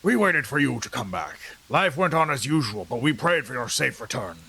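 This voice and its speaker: A man's voice: mid-range voice, sing-song, normal speed, vocal fry, pushed and bright, breathy edge, full character voice. A man voicing a weary, battle-worn male dwarf who guards a banner, reading game dialogue aloud in character in a solemn, loyal tone. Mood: wistful.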